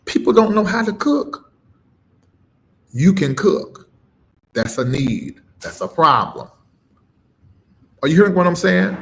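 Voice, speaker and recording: A middle-aged man preaching on a live stream, emphatic and informal, swinging between loud punches and low murmurs and repeating phrases with a rising cadence. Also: very animated, slow pace, creaky, pauses often, a little hiss or hum. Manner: informal, dropped verb endings. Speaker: preacher and livestream host.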